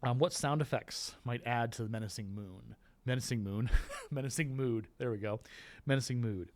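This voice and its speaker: Animated rambling male teacher. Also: medium pitch, normal speed. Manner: rambling, animated, with restarts and playful voices. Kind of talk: classroom lesson explanation. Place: classroom.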